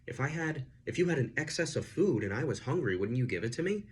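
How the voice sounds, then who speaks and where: A man's voice: medium pitch, expressive, quick pace, breathy edge, pitched above the performer's own voice. A man acting out a creepy, overly friendly man who coaxes and manipulates. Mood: coaxing. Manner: coaxing, wheedling.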